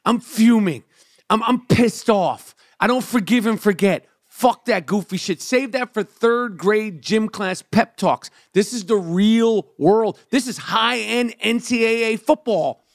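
Man, high voice, heated profane rant, casual talk, dry close sound. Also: a little slow, hardly any pauses, no echo.

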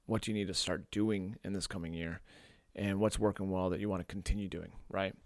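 A man's voice: sits low, brisk, dry recording, studio quality. A man hosting his own coaching podcast. He talks casually from a room by a window, rambling with fillers after a punchy intro. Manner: energetic scripted intro, then relaxed rambling with fillers. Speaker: podcast host and men's coach. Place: indoors by a window overlooking a beach.

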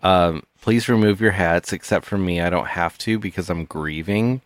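A man co-hosting a comedy podcast, joking with mock solemnity in a deadpan manner. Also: deep voice, moderate pace, no room sound, studio quality. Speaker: podcast co-host. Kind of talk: casual comedic chat.

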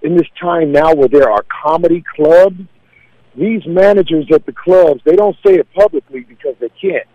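A man's voice: a little high, normal speed, no room sound, highs cut off. A man, a comedian, talking casually in an interview, confident and laid-back as he tells stories. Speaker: comedian guest.

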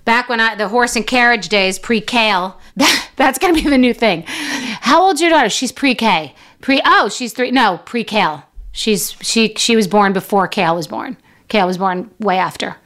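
A woman's voice: fairly high pitch, expressive, normal speed, a bit bright. Rambling, profane middle-aged woman. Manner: rambling, profane, self-mocking storytelling. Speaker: business owner telling a story. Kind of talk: casual monologue.

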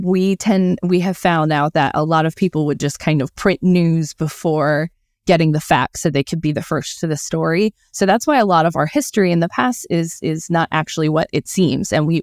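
A woman co-hosting a casual podcast, telling a mystery story in a chatty way. Her voice is low and smooth, with a lot of "um" and small restarts. The sound is close and dry, with no room around it. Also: a little mellow, no room sound. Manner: chatty, many fillers and self-corrections. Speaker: podcast co-host.

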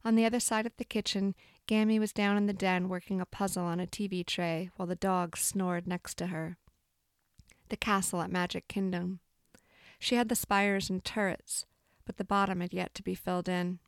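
A woman narrating a literary short story in a calm, even storytelling manner, lightly voicing the characters' dialogue. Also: medium pitch, moderate pace, clear, resonant tone, no room sound, clean studio sound.

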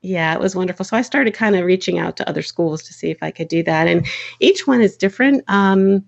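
A woman with a low, gravelly voice tells stories in a relaxed, chatty way. She brightens when she acts out what other people said, and the sound is a bit dull and lo-fi. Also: a little fast. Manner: chatty, animated quoting voices. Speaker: children's book author, guest. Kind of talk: casual interview storytelling.

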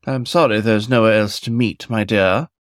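A man voicing an older, tender and protective male lover in a storybook reading, speaking softly and soothingly. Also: fairly low pitch, moderate pace, no room sound, clean studio sound, lightly acted.

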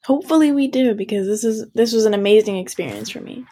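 A woman's voice: a little high, quick pace, mellow, breathy edge. Frank, emphatic teenage girl. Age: teens. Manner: frank, emphatic, filler-heavy. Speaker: interview guest. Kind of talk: casual interview talk.

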